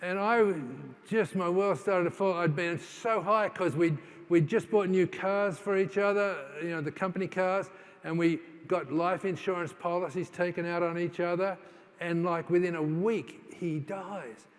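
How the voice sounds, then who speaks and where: Speaking at a moderate pace in a high voice with fairly even intonation, a man delivers a conference keynote. He tells stories conversationally, with many fillers and restarts, sometimes acting out what people said, and the large hall adds long reverb.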